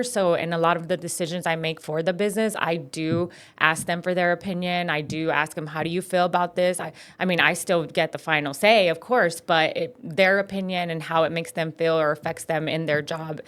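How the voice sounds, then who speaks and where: A woman's voice: fairly low pitch, steady tone, fairly quick, hardly any pauses, fairly bright tone, smooth. A woman from San Antonio, Texas, a business owner talking candidly as a podcast guest, with lots of fillers and restarts. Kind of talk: casual podcast conversation.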